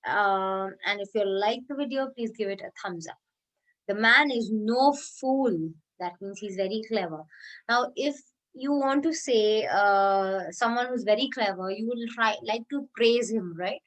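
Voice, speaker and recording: A woman's voice: medium pitch, a little slow. A woman giving an online lecture, explaining with spoken examples and frequent fillers and restarts. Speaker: English teacher.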